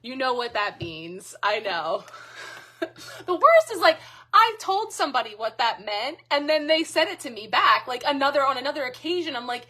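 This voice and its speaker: Bright, chatty woman reading cards live. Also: high-pitched, very animated, unhurried. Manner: chatty, thanking viewers by name and laughing often. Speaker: card reader hosting a live stream. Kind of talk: casual live-stream chat.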